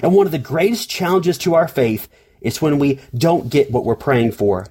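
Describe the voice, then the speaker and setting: A man's voice: on the high side, animated, normal speed, darkish tone, husky. A man reading scripture and preaching a sermon as pastor, telling stories and lifting his voice for quoted cries.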